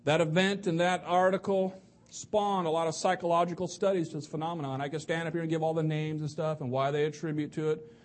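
Higher-voiced man preaching conversationally. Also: level tone, brisk. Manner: conversational, restarts and repeats words. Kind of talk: evening sermon to a congregation.

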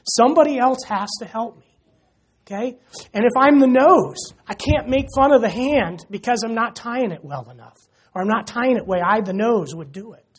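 Very high-pitched and animated, this man preaches a little fast in church. He chats casually with the congregation, joking and repeatedly saying "you know".

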